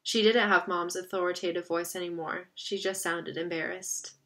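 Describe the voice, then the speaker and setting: A woman narrating a novel aloud in an expressive, steady reading style. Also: lowish voice, normal speed. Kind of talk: audiobook reading.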